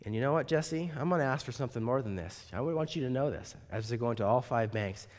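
A man's voice: mid-range voice, animated, quick pace, darkish tone, lightly acted. A man voicing an elderly woman in her eighties, prim and unshaken, talking in an earnest, insistent way. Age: 80s. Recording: long reverb in a large hall.

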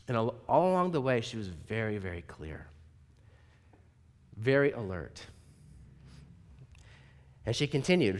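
A man, a pastor, preaching a sermon and telling a story in an animated way. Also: mid-range voice, a little slow, long pauses. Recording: long reverb in a large hall.

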